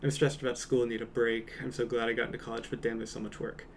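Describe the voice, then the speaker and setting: A man's voice: mid-range voice, flat delivery, fast, slight background noise. A young man, a streamer, chatting casually and reading comments aloud with a joking, rambling manner that trails off into mumbles.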